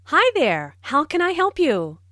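A woman voices a friendly, helpful receptionist from a language-lesson dialogue. Her voice sits high and swoops up and down with lively melody, unhurried and carefully clear. The recording is dry and close. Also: no echo.

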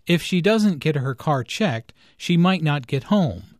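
A man narrating a scripted language lesson, explaining grammar and intonation in a deliberate way. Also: a little high, expressive, dry recording, studio quality.

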